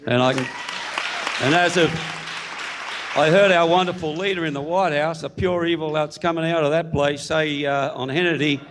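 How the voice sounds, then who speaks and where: A man's voice: a little high, steady tone, moderate pace, fairly bright tone, some chatter behind, a little hiss or hum. A man, speaking heatedly and bluntly from the floor at a town hall meeting.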